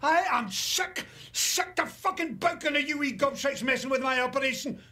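An actor playing a furious, bullying Scottish oil rig boss in a video game, harsh, barking and foul-mouthed. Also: male voice, extremely high pitch, normal speed, bright, forceful tone, heavily acted. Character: furious middle-aged male rig boss, bullying tyrant.

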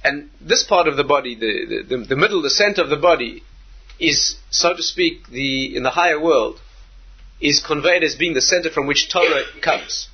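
A rabbi with a husky, slightly high voice lectures on the Torah. He is animated and circles back on his own phrases while he asks rhetorical questions. The recording sounds dull and lo-fi. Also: normal speed.

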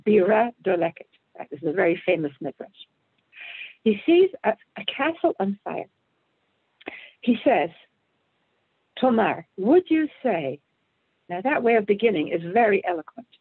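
Woman giving a torah class, husky voice, sounds like a phone line, asks lots of questions. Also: mid-range voice, dry recording. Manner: thoughtful, probing, rephrases and questions aloud. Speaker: Torah teacher. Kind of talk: lecture on Jewish texts.

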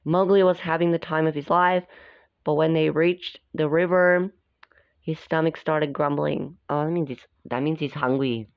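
This storybook reader has a low-pitched voice with a steady tone and reads at a moderate pace with no echo. She's chatty and casual, stopping now and then to remark on the illustrations. The sound is dull, dry and lo-fi.

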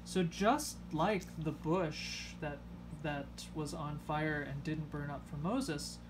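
A woman in her thirties leading a home Sunday school lesson for children, speaking gently and encouragingly and reading a storybook aloud. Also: sits low, takes it slowly, background noise. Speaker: Sunday school teacher, parent. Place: family home.

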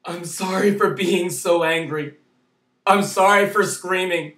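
A man with a very high, bright voice rants at the camera in long shouted bursts, pleading and swearing, with slow, drawn-out phrasing. He sits some way from the mic in an echoey room. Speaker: vlogger. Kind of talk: impassioned rant to camera.

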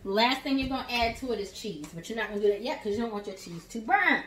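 A woman with a Southern US accent talks her viewers through a recipe, chatty and encouraging, with a slightly high voice. She sounds a little distant from the camera in a roomy, echoing home kitchen. Dishes and pans clink faintly behind her. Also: expressive, fast, fairly bright tone, a little hiss or hum. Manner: chatty and encouraging, says y'all and honey. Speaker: home chef. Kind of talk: cooking demonstration.

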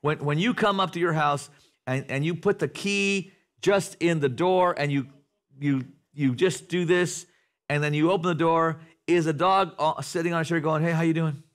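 Preacher guy in a church, voice a bit high, talks to the crowd casual then gets loud and worked up. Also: normal speed. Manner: conversational preaching, asks the congregation questions, grows loud and animated. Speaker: pastor. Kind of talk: sermon. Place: church sanctuary before a congregation.

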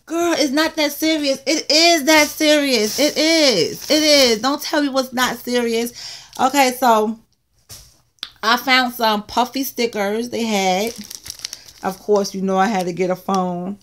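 High-voiced excitable woman vlogger. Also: slow, a little hiss or hum. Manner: excitable, bursting into exclamations and playful asides. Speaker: vlogger showing a haul of craft supplies. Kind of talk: casual haul vlog.

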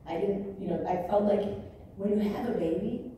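A woman's voice: mid-range voice, normal speed, mellow, slight background noise. A middle-aged woman giving a candid keynote speech to a live audience, telling a personal story and acting out her own past words. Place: large indoor conference hall. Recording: echoey hall recording from far off.

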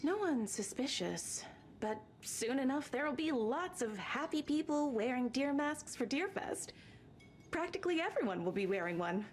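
Cheerful small-town waitress, higher voice, slightly eerie, faint ambience. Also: female voice, big pitch swings, normal speed, a little hiss or hum.

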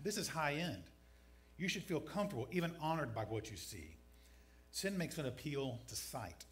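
A man's voice: mid-range voice, fairly bright tone. Man preaching with dry humor. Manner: conversational preaching with dry jokes. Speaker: pastor. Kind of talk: sermon. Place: church sanctuary.

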